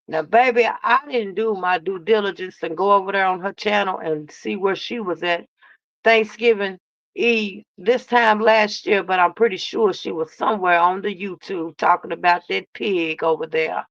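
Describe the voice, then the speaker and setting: A woman's voice: medium pitch, fairly even intonation, moderate pace, no echo, dull audio. A woman hosting a casual live reaction stream, drawling and sassy, calling her chat baby and love. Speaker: reaction channel host.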